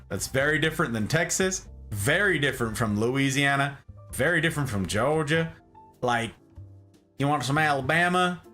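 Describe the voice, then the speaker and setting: A male streamer talks casually to his chat, answering viewers one by one. His voice is fairly high and bright, with lively swings in pitch. Soft guitar music plays quietly behind him.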